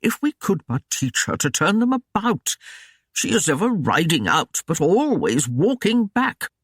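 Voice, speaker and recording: A grumbling old father in an audiobook, sour-mouthed and dryly mocking, as the reader lowers the voice for him. He speaks slowly and deliberately. The recording is close and dry. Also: big pitch swings, a bit bright, breathy edge, no room sound, full character voice. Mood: chuckling mockery. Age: older. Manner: sour, slow, dry jesting.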